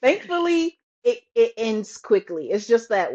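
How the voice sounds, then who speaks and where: A woman's voice: medium pitch, normal speed, lo-fi sound. A woman co-hosting a podcast, talking expressively about her son and laughing as she vents. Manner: expressive, laughing, exasperated parenting rant. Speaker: podcast co-host. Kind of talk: casual chat.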